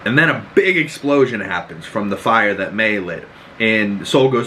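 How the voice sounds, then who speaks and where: A man hosting a podcast, recapping a show in excitable casual chat, swearing freely and acting out the scenes. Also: on the low side, moderate pace, a little hiss or hum, low-quality recording. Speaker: podcast host.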